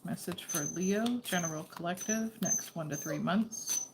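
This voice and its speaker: In a lowish voice at a normal speed, a woman gives a casual, chatty tarot reading, often pausing to coax her dog over. Background noise can be heard.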